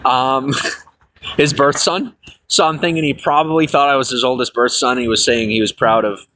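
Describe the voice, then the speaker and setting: A man in his thirties telling his life story casually to a livestream audience, rambling with fillers and self-corrections, laughing things off and jumping up in pitch when excited. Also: normal speed, slight background noise.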